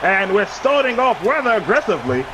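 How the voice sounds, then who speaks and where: A man's voice: sits high, big pitch swings, loud music behind the voice. Polite British-accented male co-commentator. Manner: polite, measured, formal phrasing. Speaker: guest co-commentator. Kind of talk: casual co-commentary. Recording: noisy background.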